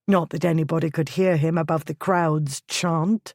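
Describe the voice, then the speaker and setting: A woman narrating a historical romance audiobook in a steady, measured reading. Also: sits low, no echo, clean studio sound. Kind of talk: scripted narration.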